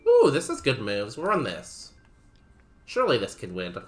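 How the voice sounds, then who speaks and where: A man's voice: mid-range voice, wildly swooping pitch, normal speed. A young man streaming a game, chatting casually with his viewers, laughing often and saying "like" a lot. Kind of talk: casual chat while playing a game.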